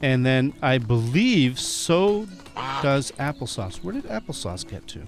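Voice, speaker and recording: A man's voice: mid-range voice, sing-song, measured pace, over music. Chatty, giggly man narrating gameplay. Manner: chatty, giggly, talks to animals in the game. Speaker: gameplay streamer. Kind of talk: casual let's-play commentary.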